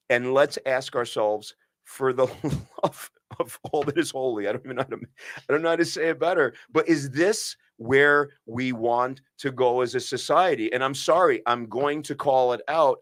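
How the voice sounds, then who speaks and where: An earnest man talks on a podcast at a middle pitch, leaning hard into his points and often breaking off to start again. The recording is dry and close, with no room sound. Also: normal speed, a bit bright, no echo. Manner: earnest and emphatic, with many restarts and asides. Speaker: podcast co-host and physician. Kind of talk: impassioned podcast conversation.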